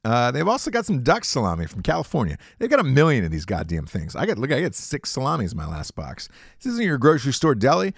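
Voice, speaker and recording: A man's voice: mid-range voice, huge pitch swings, fast talker, gravelly, husky, dry recording, studio quality. A man hosting a podcast, reading sponsor ads as crude, rambling comic riffs full of swearing. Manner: profane, rambling, jokey riffs. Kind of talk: crude comedic ad read.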